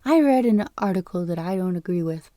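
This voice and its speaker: A woman reading an audiobook, voicing a shrill, argumentative middle-aged male clerk who talks in a squeaky falsetto and rants insistently. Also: lively intonation, a little fast, warm tone, no room sound, lightly acted. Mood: ranting. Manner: ranting, insistent.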